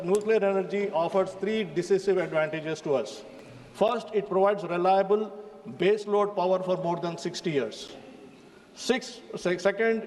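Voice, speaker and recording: Indian english guy giving a punchy speech in parliament, highish voice, big echoey hall. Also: darkish tone, a little hiss or hum. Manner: emphatic, addresses the chair as sir. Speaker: member of parliament. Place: large debating chamber.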